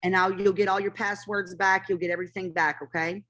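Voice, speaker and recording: A woman hosts a live webinar Q&A. She speaks at a middle pitch and talks to callers with easy familiarity, calling them hon and honey. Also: steady tone, a little fast, a bit bright, soft background music. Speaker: webinar host.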